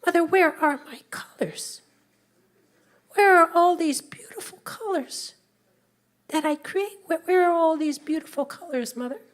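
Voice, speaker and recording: Woman doing a sulky young frost spirit guy, breathy, slow and petulant. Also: low-pitched, lively intonation, full character voice. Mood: distressed. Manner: petulant, resentful.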